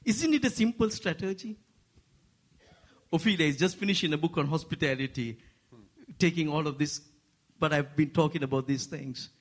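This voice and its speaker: Male preacher, Asian-accented English, husky, voice a touch high, climbs higher when stressing points, jokes with the crowd. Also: normal speed, pauses often. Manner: rising to animated, high-pitched emphasis; playful asides with the congregation. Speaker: guest preacher. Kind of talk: sermon.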